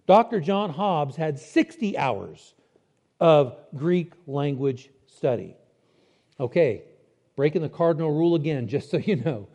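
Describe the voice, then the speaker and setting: Lively, high-voiced male preacher. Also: muffled recording. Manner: conversational, explains step by step with rhetorical questions. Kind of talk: sermon.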